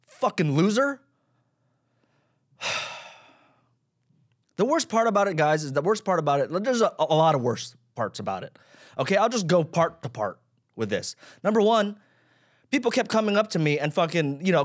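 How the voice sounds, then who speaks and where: Self-mocking man ranting, lively pitch. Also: moderate pace, long pauses. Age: 30s. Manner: self-deprecating, swearing, rambling. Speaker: podcast host. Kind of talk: casual solo rant.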